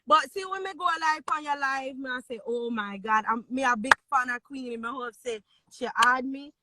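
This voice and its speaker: A woman's voice: high voice, moderate pace, very noisy. A Jamaican woman, a fan calling into a live stream on her phone, gushing and pleading and repeating herself.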